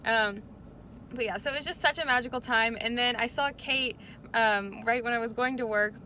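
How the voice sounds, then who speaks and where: A woman's voice: fairly high pitch, normal speed, bright, forceful tone, a little hiss or hum. A young woman chatting casually to camera in a vlog, bubbly and gushing, with lots of fillers. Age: young adult. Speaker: vlogger.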